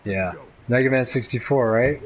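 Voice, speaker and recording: A man's voice: medium pitch, normal speed, a little hiss or hum, low-quality recording. A young man chatting casually while gaming, laid-back, rambling and profane.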